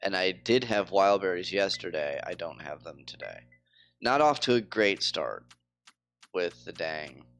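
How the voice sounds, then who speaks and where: A man's voice: low voice, sing-song, unhurried, fairly bright tone. A man chatting casually on a live game stream, rambling with lots of fillers.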